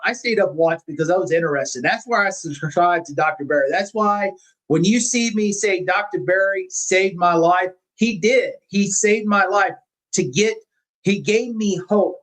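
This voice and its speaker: A man with a fairly high voice tells his personal story on a casual livestream. He rambles, restarts and repeats words as he goes, and at times turns emotional. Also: poor audio. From Missouri. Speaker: carnivore diet channel host.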